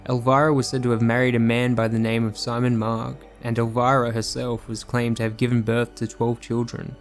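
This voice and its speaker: A man reading a scripted true crime narration in a measured, sombre manner. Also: medium pitch, flat delivery, soft background music.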